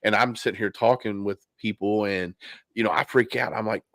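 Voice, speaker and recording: Low-voiced man hosting a podcast. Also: steady tone, normal speed, gravelly, fairly bright tone, no echo, studio quality. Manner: candid, talks in loose restarts and fillers. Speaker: podcast host. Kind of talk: casual podcast chat. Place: home basement.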